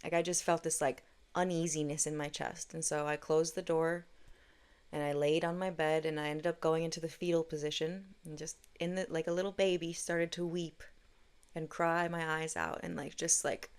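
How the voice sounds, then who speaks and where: Female podcast host with a low, gravelly voice, earnest and blunt, reflective spiritual talk. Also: little pitch movement, moderate pace. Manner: earnest and candid, with casual swearing.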